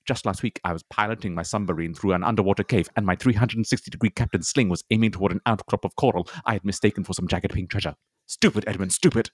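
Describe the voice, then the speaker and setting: A pompous sea explorer, as a man puts him on delivers a comic monologue in long breathless runs. The voice sits low and the sound is close and dry. He never pauses for laughter. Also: dry recording, lightly acted. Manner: breathless run-on monologue, self-important. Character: pompous male oceanographer treasure hunter, rambling. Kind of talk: comedy character monologue.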